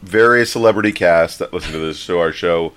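A man's voice: deep voice, a little fast, a bit bright, clear, resonant tone. A man co-hosting a podcast, introducing listener voicemails in a mock-formal way. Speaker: podcast co-host.

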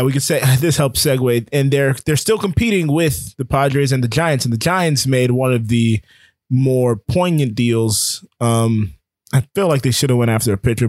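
A man's voice: medium pitch, darkish tone, no room sound, clean studio sound. A man co-hosting a podcast, talking baseball in easygoing casual chat with many fillers. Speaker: podcast co-host.

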